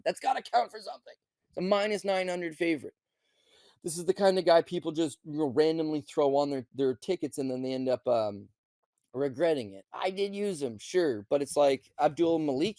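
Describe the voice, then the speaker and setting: A man hosting a podcast, ranting bluntly and profanely about fights and bets, acting out quotes in high mocking voices. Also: darkish tone, no echo. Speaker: podcast host. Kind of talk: casual sports betting rant.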